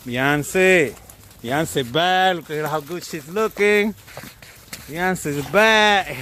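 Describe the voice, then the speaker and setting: Slow-talking man fondly chatting to dogs. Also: on the high side, a bit bright, slight background noise. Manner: slow, fond, talks to his dogs. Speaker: dog owner filming his dogs. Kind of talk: casual handheld commentary. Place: snowy backyard outdoors.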